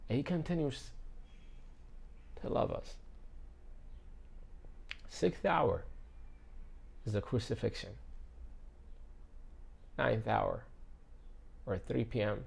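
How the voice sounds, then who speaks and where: The preacher's medium-pitched voice is animated yet slow, broken by long pauses as he delivers a casual devotional message. Earnest and chatty, he uses lots of fillers, ends phrases in a gravelly fry, and at moments sinks to a quiet hush.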